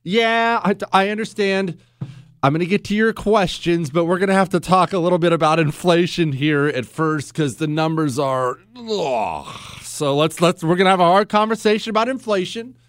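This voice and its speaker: A man hosting a talk radio show, delivering a sarcastic, animated monologue into a studio mic. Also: sits high, clear, resonant tone, no echo.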